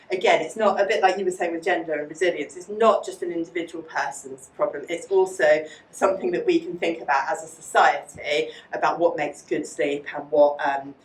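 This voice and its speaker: Deep-voiced woman lecturing in a hall. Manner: fast, chatty, many fillers like "um" and "like". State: out of breath. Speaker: psychology lecturer. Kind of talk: academic public talk with audience Q&A. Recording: echoey room, distant mic.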